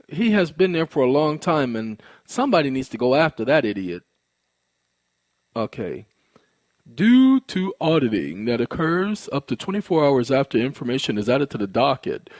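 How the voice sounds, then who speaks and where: Animated man rallying his viewers. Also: medium pitch, no room sound. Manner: animated, repetitive rallying call-outs to viewers. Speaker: online activist host. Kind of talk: casual monologue to viewers.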